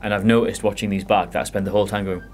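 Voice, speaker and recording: Casting note: quick-fire Geordie man, low voice, dry deadpan humour, light music under him. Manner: quick, wry, deadpan jokes. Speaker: co-host presenting entertainment news. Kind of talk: casual bantering chat.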